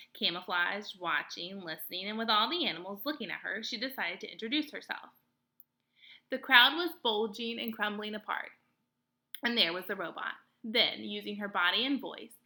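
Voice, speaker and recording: A woman narrating a children's novel aloud in an expressive, clear storytelling manner. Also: mid-range voice. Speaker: read-aloud host.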